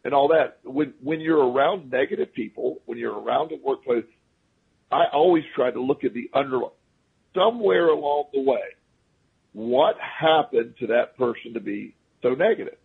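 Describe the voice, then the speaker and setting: Male radio guest, raspy and gravelly, loose rambling storyteller, phone-quality audio. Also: mid-range voice, moderate pace. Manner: rambling, restarts often, chuckles at his own stories. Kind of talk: casual storytelling on a talk radio show. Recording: phone-line radio call.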